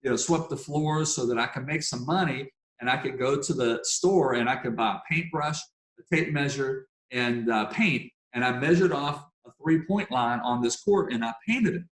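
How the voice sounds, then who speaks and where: A man telling a personal story in an interview, in an animated, emphatic way with casual fillers. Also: mid-range voice, normal speed. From Pennsylvania, United States. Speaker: guest speaker. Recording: echoey room.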